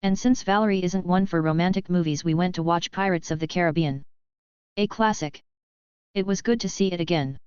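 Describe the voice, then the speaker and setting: A woman narrating a web novel audiobook in an even, steady reading voice. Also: on the low side, a little fast, smooth, no echo, lo-fi sound.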